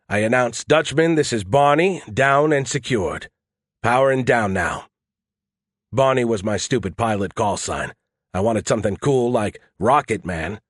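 A man's voice: medium pitch, no echo. A man narrating a first-person audiobook in a dry, wry, matter-of-fact way.

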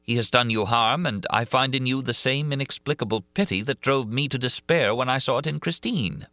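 A man's voice: medium pitch, brisk, sharp tone, no room sound, studio quality, soft background music, voice pushed up, close to an everyday voice. A man voicing an earnest, anxious young nobleman in an audiobook reading, asking urgent, pleading questions. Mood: bewildered.

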